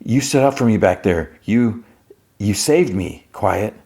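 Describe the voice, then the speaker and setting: A man's voice: lowish voice, animated, measured pace, a little mellow, pitched above the performer's own voice. A man doing a cocky, wheedling woman. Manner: boastful, wheedling. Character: cocky scheming woman, a stowaway.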